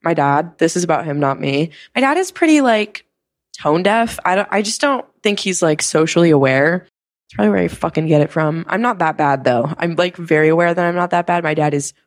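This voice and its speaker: A woman's voice: lowish voice, expressive, a little fast. A young woman hosting a podcast, telling stories in a rambling, casual way with many fillers and casual swearing. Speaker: podcast host. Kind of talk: casual storytelling chat.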